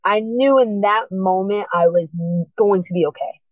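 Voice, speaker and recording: A woman's voice: mid-range voice, moderate pace, no room sound. A woman sharing a personal testimony, telling it earnestly and with emotion, acting out remembered dialogue. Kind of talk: personal storytelling. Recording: tinny phone-like sound, dry.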